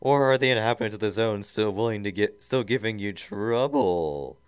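A man voicing a blustering male mad-scientist villain in a hammy, loud reading of a fan story. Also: lowish voice, a little slow, clean tone, no echo, pitched above the performer's own voice, lightly acted. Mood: ranting.

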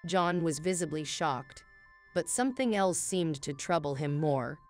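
A woman narrating a scripted first-person story in a calm, cool, measured manner. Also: low-pitched. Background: faint music.

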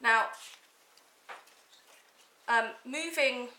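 A woman's voice: a little high, very slow, sharp tone, a little hiss or hum, poor audio. A woman barrister making methodical legal submissions in an appeal courtroom, reading from documents with some restarts.

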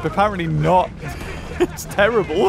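Excitable high-voiced gaming commentator man. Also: moderate pace, vocal fry. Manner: excitable, exclaims and laughs often. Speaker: gaming YouTuber. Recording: game music behind voice.

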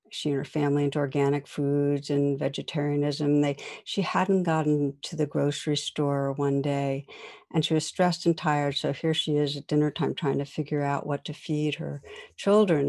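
A woman meditation teacher giving a guided meditation talk, speaking slowly and gently with long pauses. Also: low-pitched, vocal fry.

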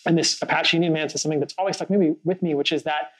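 A man with a fairly high voice hosts a relaxed podcast chat in person. He speaks earnestly and reflectively, winding through a story with plenty of "like" and "you know". His voice sits a touch above the usual male range. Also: rapid-fire, poor audio. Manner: earnest, thoughtful, storytelling with many fillers. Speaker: podcast host. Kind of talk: casual conversational podcast.

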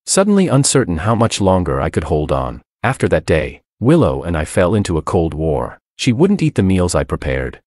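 Deep-voiced male story narrator. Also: a little mellow, no echo, studio quality. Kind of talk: first-person story narration.

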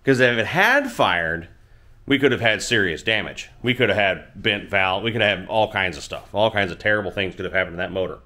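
A man's voice: lowish voice, expressive, a little fast, sharp tone. A middle-aged man hosting a motorcycle channel, telling a rambling, self-deprecating story in casual chat from his home garage.

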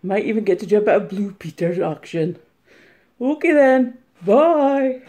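A woman's voice: mid-range voice, unhurried, mellow, close to an everyday voice. A woman playing a jolly bearded reseller man. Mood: chatty. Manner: chatty, jolly, addresses viewers. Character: cheerful bearded male reseller, chatty. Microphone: mobile phone.

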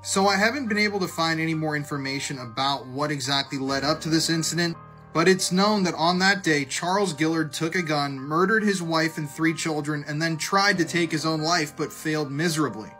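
Slightly high male true crime narrator. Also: fairly quick, pushed and bright, soft background music. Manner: blunt, opinionated storytelling.

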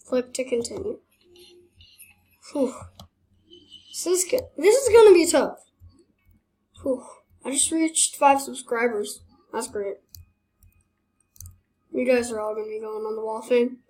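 Excitable high-voiced young woman gamer. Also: a little slow, pauses often. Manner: excitable, exclaims and laughs while playing. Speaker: gaming channel host. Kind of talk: casual gameplay commentary.

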